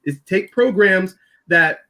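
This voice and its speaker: A man with a notably high voice, chatting casually on a group podcast. He talks in an animated way, with laughter and quick asides. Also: a little hiss or hum, low-quality recording. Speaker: podcast panelist.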